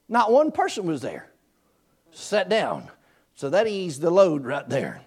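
A man's voice: high-pitched, wildly swooping pitch, unhurried, darkish tone, breathy edge. A man preaching a sermon by telling a personal story in a folksy, repetitive way, chuckling as he goes.

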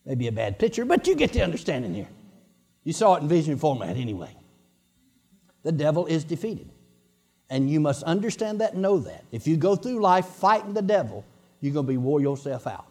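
A man's voice: a little high, big pitch swings, moderate pace, a little mellow. A man preaching a sermon, emphatic and repeating his points, breaking into bursts of laughter.

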